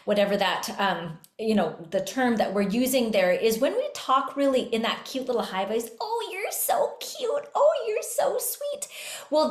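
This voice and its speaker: A woman hosting a talk for educators, explaining in a lively way and now and then slipping into sung examples. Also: fairly high pitch. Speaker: podcast host and music educator. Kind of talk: casual teaching talk. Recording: roomy echo.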